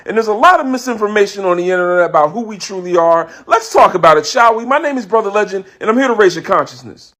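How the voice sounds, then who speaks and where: A man's voice: extremely high pitch, a bit bright. A man delivering a scripted commentary monologue, emphatic and full of rhetorical questions.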